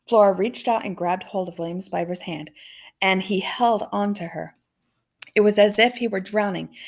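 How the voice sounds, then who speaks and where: A woman reading a children's novel aloud in a gentle, measured storytelling manner. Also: medium pitch, vocal fry.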